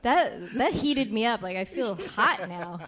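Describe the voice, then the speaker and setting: A woman's voice: medium pitch, expressive, unhurried, a bit bright. A woman comedian guesting on a live comedy podcast, giggly and self-mocking. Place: comedy club stage.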